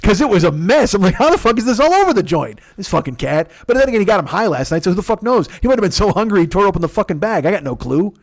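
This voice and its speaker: Racing along with hardly any pauses, this forties podcast host has a high-sitting voice and lively intonation as he delivers a rambling, profane, self-deprecating funny story on his own. He's close to the mic, with no room sound.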